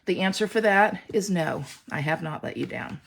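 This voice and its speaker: A woman's voice: lowish voice, expressive, normal speed, creaky, very noisy. A woman leading an online stamping class in a casual, chatty way, talking directly to viewers and reassuring them as she works. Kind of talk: casual craft demonstration.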